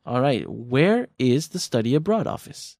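Man, podcast host, playful, teasing, animated delivery, dry studio sound. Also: medium pitch, normal speed, dry recording. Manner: teasing, animated, stretches words for emphasis. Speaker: language lesson host. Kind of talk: playful language lesson banter.

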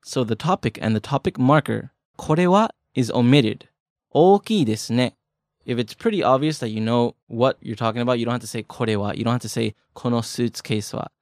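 A man's voice: mid-range voice, quick pace, a little mellow, no echo. Laid-back man teaching language, dry mic. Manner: laid-back, chatty, joking. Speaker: language podcast co-host. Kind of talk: casual teaching chat.

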